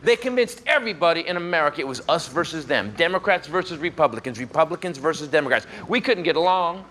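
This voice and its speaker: Animated male stand-up comic. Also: a little high, fast talker. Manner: punchy, animated, playfully crude. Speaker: stand-up comedian. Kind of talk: stand-up comedy set. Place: comedy club stage. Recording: live club with loud crowd and noise. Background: laughing audience.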